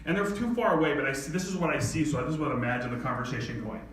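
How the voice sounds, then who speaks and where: A man telling a personal story to an audience in an animated way, laughing often. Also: medium pitch, rapid-fire, a little hiss or hum. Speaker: speaker. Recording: echoey hall from far off, faint ambience.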